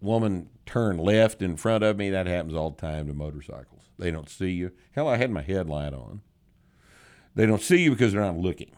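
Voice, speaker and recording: A man's voice: deep voice, lively intonation, normal speed, a little mellow. A man hosting a podcast, answering listener questions in blunt, profane, joking chat. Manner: blunt, profane, drawling, laughs often. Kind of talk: casual chat.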